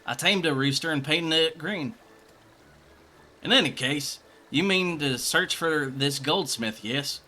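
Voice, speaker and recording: A man's voice: on the high side, measured pace, pushed and bright. A man voicing a boastful, flirty male swordsman from a game in a put-on American country accent. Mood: swaggering. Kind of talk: reading game dialogue aloud in voices.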